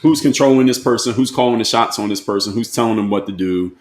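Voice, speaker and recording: A man's voice: on the low side, fast, roomy sound. A man giving a blunt, emphatic monologue to camera as a motivational speaker, in casual slangy talk.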